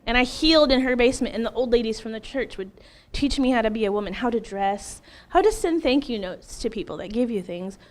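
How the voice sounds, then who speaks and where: A middle-aged woman in an interview, telling her personal testimony in an emotional, animated way, laughing often and acting out what she once said. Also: fairly high pitch, brisk, few pauses. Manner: animated, laughs often, acts out her own past words.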